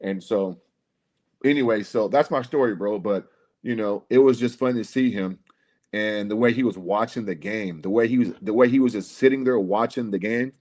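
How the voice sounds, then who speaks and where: A man's voice: fairly low pitch, normal speed, a little mellow. A man on a casual livestream telling a long, rambling story, swearing often and calling the listener "bro". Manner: profane, rambling, repeats "bro" and "right?". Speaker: podcast co-host telling a story.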